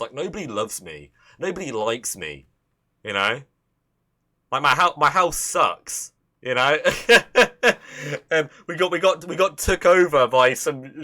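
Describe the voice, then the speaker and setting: A man's voice: mid-range voice, pushed and bright. A young man from the English Midlands, with a Midlands accent, hosting a casual livestream and chatting to viewers in a rambling way, often swearing and restarting sentences. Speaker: livestream host.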